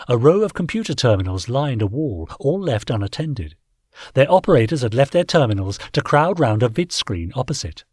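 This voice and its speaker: A man narrating a science-fiction audiobook in an expressive storytelling manner. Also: mid-range voice, husky, dry recording, clean studio sound. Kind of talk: scripted narration.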